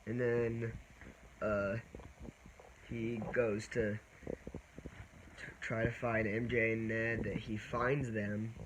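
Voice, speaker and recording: A man giving a casual spoiler movie review, rambling and halting with many restarts. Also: on the low side, level tone. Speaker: vlogger. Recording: noisy background.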